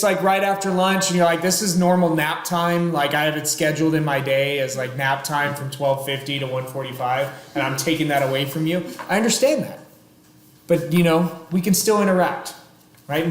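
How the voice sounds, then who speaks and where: A man in his thirties teaching a chemistry class, chatty with dry sarcastic humor and asides to his students. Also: high-pitched. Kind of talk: classroom lecture. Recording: very echoey classroom, faint room noise.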